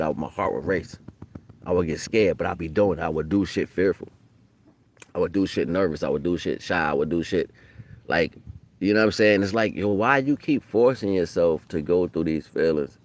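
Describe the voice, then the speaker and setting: Brief: middle-aged man, low-pitched, streetwise, rambling spiritual talk. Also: a little hiss or hum. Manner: street slang, loose and profane, rises loud for quoted voices. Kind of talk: casual spoken monologue.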